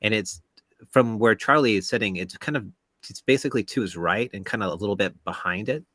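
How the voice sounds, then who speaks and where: A man co-hosting a casual podcast, walking through his reasoning at length with frequent pauses. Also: on the low side, fairly bright tone, dry recording. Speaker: podcast co-host.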